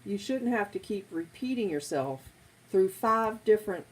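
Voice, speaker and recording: A woman's voice: mid-range voice, animated, normal speed, husky, poor audio. A middle-aged woman, chatting casually with viewers on a stream, rambling from one topic to the next. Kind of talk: casual live chat.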